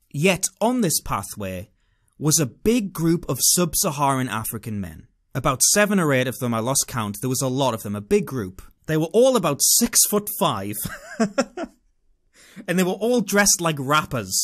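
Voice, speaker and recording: A man with a British accent telling a first-person travel story in a dramatic, wry way. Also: mid-range voice.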